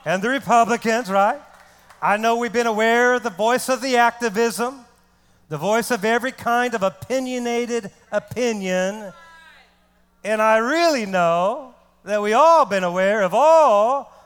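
Male pastor, very high voice, fervent shouted sermon, long church-hall reverb. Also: a little slow, clean tone. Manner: impassioned preacher who shouts and repeats words for emphasis. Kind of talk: fiery sermon.

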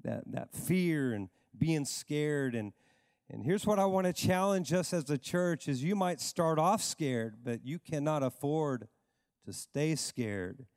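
A male pastor preaching a sermon in an emphatic way, repeating phrases and dropping low for stress. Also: lively intonation, takes it slowly, a little mellow, dry recording, studio quality, big-room sound.

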